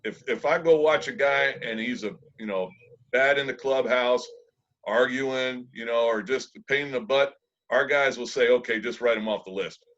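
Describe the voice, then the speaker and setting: A man who works with a baseball club, explaining scouting in a relaxed, filler-heavy way. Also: mid-range voice, normal speed. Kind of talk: casual interview talk. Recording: dull lo-fi sound.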